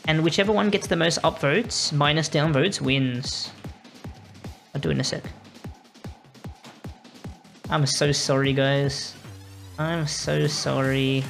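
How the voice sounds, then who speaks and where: Gravelly Australian woman streaming a game. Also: deep voice, a bit bright. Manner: rambling, apologetic, talking to chat while playing. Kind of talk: casual live-stream chat.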